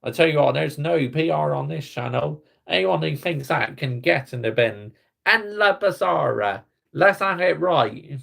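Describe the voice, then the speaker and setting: A man ranting on a livestream, greeting his chat and swearing bluntly as he vents about football. His voice is gravelly and creaky, pitched a little higher than most men's. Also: lively intonation, a little slow, a bit bright. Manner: heated and blunt, swearing, talking to chat viewers. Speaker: football fan streamer. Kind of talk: casual livestream rant.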